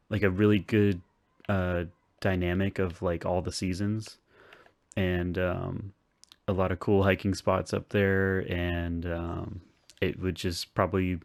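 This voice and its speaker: A man with a very deep voice chatting on a friends' podcast. He hosts in an easygoing, meandering style, full of ums and likes. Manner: relaxed, rambling, with many fillers. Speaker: podcast host. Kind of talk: casual chat.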